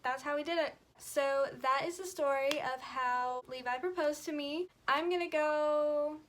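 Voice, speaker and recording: Emotional high-voiced young woman vlogger. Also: a little slow, a bit bright, a little hiss or hum. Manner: emotional, tearful, chatty. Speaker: beauty vlogger. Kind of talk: casual storytelling while doing makeup.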